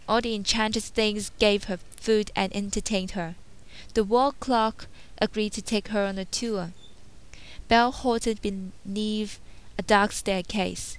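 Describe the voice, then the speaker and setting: Woman storyteller reading a storybook aloud, slow and careful, smooth clear voice. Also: medium pitch.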